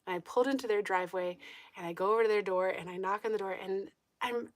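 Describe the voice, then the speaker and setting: Lively woman telling a story, dry close sound. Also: mid-range voice, quick pace, no echo. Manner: animated storyteller, laughing often and acting out quotes. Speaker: homestead channel host. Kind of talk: casual live-stream storytelling. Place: at home.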